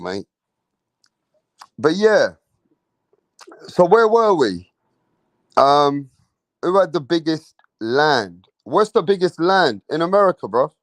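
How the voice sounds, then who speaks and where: A man's voice: on the high side, no room sound. A man with an English accent hosting a casual boxing live stream, joking with viewers and swearing freely. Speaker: boxing channel host.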